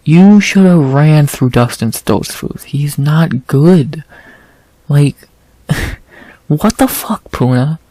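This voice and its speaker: A man casually recapping fights, profane and exasperated, his frustration rising into loud rants. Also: on the high side, dry recording. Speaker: podcast host recapping fights.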